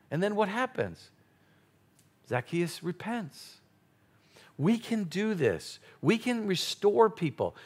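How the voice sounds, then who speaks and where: A male pastor preaching a sermon, playful and animated, with sudden loud exclamations. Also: high-pitched.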